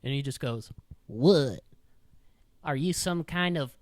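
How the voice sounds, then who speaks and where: A man's voice: fairly high pitch, moderate pace, no echo. A young man hosting a podcast, telling school stories in a rambling, profane, filler-heavy way in a studio. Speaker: podcast host. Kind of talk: casual storytelling.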